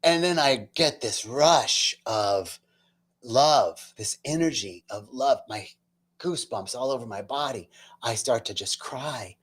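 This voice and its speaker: A man telling a personal spiritual story to a group, emotional, slowing down for emphasis and sometimes dropping almost to a whisper. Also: medium pitch. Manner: emotional, slows down for emphasis, drops to a near whisper. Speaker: speaker at a retreat center.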